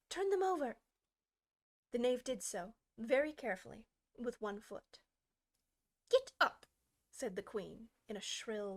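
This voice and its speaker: Casting: female audiobook narrator, expressive storytelling, a touch higher than average. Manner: expressive storytelling with varied pacing. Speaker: audiobook reader.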